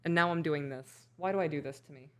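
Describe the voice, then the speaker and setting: A woman's voice: low voice, fast talker, fairly bright tone. Chatty self-deprecating woman baking. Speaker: show host. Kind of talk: casual chat while baking on camera. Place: home kitchen.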